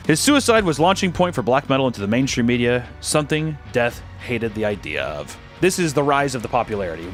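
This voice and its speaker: A man hosting, telling a story casually in a sarcastic, joking way and swearing freely. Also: mid-range voice. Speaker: host.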